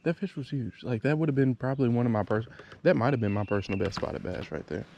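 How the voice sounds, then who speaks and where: A man, vlogging while fishing from a kayak and talking excitedly and frustratedly to himself. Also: mid-range voice, fast talker, vocal fry, lo-fi sound. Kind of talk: casual vlog talk to camera. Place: outdoors on a kayak on a lake. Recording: noisy outdoor camera audio.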